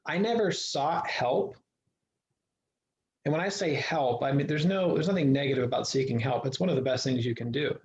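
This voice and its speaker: A man's voice: fairly high pitch, normal speed, darkish tone, slight background noise. A man telling his life story as a guest in an interview, earnest and reflective, often restarting his sentences. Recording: echoey room, dull lo-fi sound.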